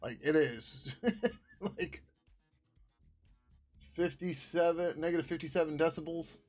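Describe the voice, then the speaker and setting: An open-source developer streams live while coding, chatting casually, reading out and answering chat questions, and laughing often. His voice is a little high and unhurried, faint music plays behind him, and he drops into a loud joking whisper.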